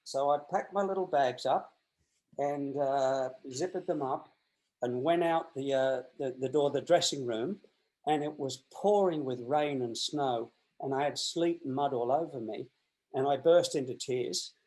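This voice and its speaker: This sixty-something Australian man, a guest in a relaxed interview, tells a lengthy tale and performs the voices of its characters with plenty of animation. His pitch is medium and his pace a little slow, captured in a low-quality recording.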